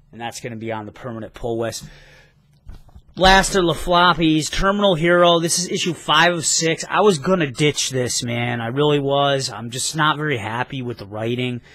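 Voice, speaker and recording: A man's voice: mid-range voice, a bit bright, no echo. A man talking casually in a rambling, enthusiastic comic book review vlog, now and then swearing.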